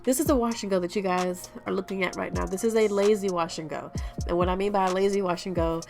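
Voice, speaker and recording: A woman's voice: mid-range voice, fairly even intonation, quick pace, vocal fry, darkish tone, faint music behind. A young woman vlogging a hair tutorial at home, sounding stuffy-nosed and out of breath, chatting casually and apologetically with viewers. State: out of breath, congested.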